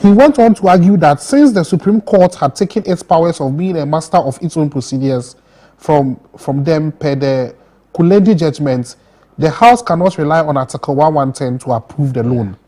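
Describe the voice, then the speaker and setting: A man hosts a talk show in a steady, measured way. His voice is mellow and a little high. He recounts the news plainly and calmly. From Ghana. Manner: steady, measured delivery with brief listening murmurs. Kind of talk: reading a news recap on air.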